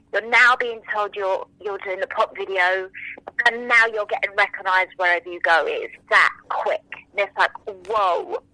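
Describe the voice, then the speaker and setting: A woman in her forties, a French native speaker, is an interview guest sharing memories with lively enthusiasm. She often slips into little acted-out quotes. Her voice is bright and crisp, recorded close and dry with no room sound. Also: medium pitch, no room sound, low-quality recording. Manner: animated, enthusiastic, acts out quotes. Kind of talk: casual interview storytelling.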